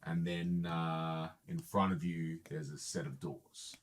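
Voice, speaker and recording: A man's voice: a bass voice, flat delivery, slow, a little hiss or hum. A man narrating as dungeon master at a tabletop game, loose and chatty with easy laughs. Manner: laughs easily, loose storytelling with fillers.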